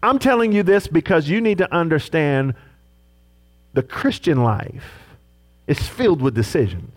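A male pastor delivers a sermon in a high voice. His pitch leaps around as he preaches, and he acts out the voices he quotes. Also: a little slow. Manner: animated preaching, acting out quoted speech.

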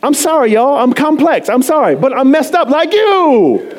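A man preaching a sermon, animated and chatty, often laughing and poking fun at himself as he talks to the congregation. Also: extremely high pitch, moderate pace, a faint crowd. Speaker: pastor.

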